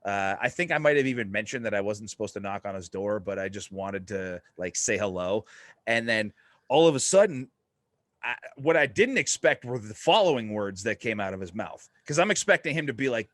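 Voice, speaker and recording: A man hosting a podcast, telling a story in a casual, excited way and swearing freely. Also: fairly low pitch, brisk, dry recording. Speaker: podcast host.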